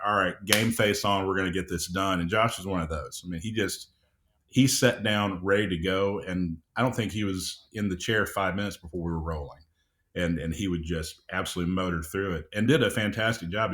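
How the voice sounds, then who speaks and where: A middle-aged man speaking as an audiobook producer and guest, talking in a measured, unhurried way with frequent "uh"s and restarts. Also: deep voice, a bit bright. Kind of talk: casual interview chat.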